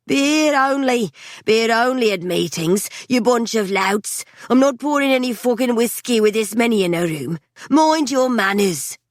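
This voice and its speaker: A woman voicing a coarse, bossy barmaid who shouts and scolds. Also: on the high side, expressive, a little slow, dry recording, clean studio sound, voice pushed up. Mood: scolding.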